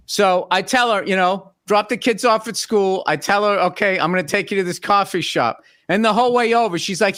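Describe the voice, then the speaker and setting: A man's voice: high-pitched, brisk, few pauses, a bit bright. A middle-aged man hosting a podcast, telling an exasperated, profane comic story about his wife. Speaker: podcast host. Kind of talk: comedic storytelling rant.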